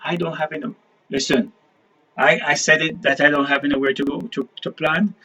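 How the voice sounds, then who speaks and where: The audio is low quality as an online preacher with a fairly high, pushed and bright voice addresses viewers on his channel at normal speed. His intonation stays fairly even through a rambling, casual monologue packed with restarts and repeated phrases for emphasis.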